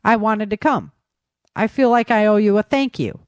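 A woman's voice: medium pitch, moderate pace, no room sound, clean studio sound, voice pushed up, close to an everyday voice. A woman reading the part of a passionate, blunt young rebel woman in an audiobook.

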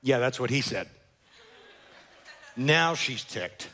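A man's voice: mid-range voice, expressive, takes it slowly, pushed and bright. A male pastor preaching a sermon, telling a story animatedly and acting out characters and sound effects.

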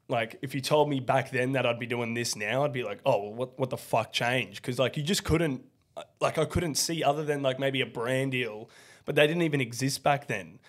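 A hoarse young man in his twenties with a raspy voice, chatting loosely as a podcast guest, full of fillers. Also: medium pitch, normal speed. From Australia. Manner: loose, rambling, many fillers. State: hoarse from partying. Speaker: guest comedian. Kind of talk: casual podcast chat. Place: rented co-working room, not soundproof.

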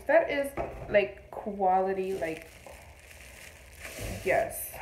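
A woman unboxing on a casual vlog, gushing and excitable, trailing off with fillers. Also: mid-range voice, slow, pauses often, echoey room, a little hiss or hum, low-quality recording. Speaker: beauty vlogger.

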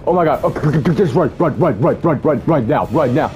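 A man's voice: on the high side, animated, moderate pace, darkish tone, soft background music. A young man commentating a horror game, talking to himself, swearing and panicking at scares. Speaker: gamer playing a horror game. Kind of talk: let's-play commentary.

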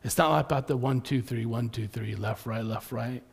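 A man preaching a sermon as pastor in a church, telling lively personal stories. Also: mid-range voice, normal speed, gravelly, husky. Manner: animated storytelling.

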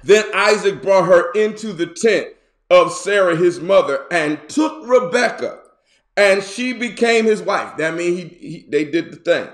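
Hoarse joking preacher man, echoey room. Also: sits high, expressive. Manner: playful, joking, drawn-out repeats and sudden loud bursts. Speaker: bishop and pastor. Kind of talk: casual online sermon.

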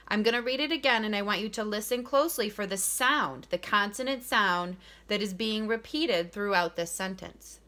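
Bright-voiced woman teaching children slowly. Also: mid-range voice, lively intonation. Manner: slow, deliberate, stresses key words and repeats them. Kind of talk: recorded classroom lesson for children.

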